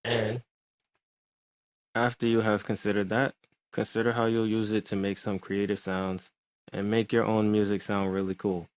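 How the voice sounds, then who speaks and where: A man explaining music production in a relaxed, conversational way, thinking aloud as he goes. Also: on the low side, moderate pace, no echo. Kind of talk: tutorial explanation.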